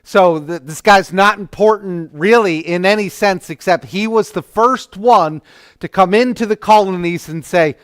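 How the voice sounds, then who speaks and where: Male church class teacher, high and unhurried, smooth clear voice, close dry mic, restarts sentences. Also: no echo. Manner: conversational, with stammered restarts. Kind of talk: adult church class lecture.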